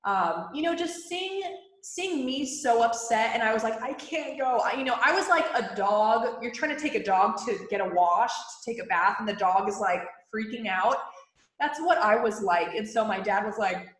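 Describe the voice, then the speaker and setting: A woman's voice: a little high, expressive, normal speed, reverberant. A woman talking casually as a podcast guest, chatty and full of fillers like "like" and "you know". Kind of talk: casual interview talk.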